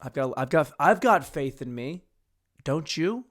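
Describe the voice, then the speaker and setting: A young man hosting a solo comedy podcast, rambling through crude, self-mocking jokes, dropping into mumbled asides and then jumping to loud bursts. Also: fairly high pitch, animated, a little slow. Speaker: podcast host.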